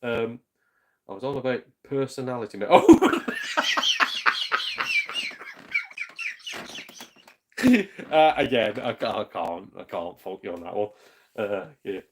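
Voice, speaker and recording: A man's voice: lowish voice, fairly even intonation, normal speed. A man chatting casually on a live stream, rambling, laughing often and greeting viewers. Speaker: YouTube gaming channel host.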